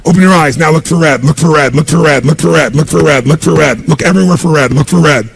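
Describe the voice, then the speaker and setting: Gravelly, husky motivational speaker. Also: male voice, on the high side, fast talker. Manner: emphatic, punchy, quizzes the audience with call-and-response questions. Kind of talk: live motivational seminar speech.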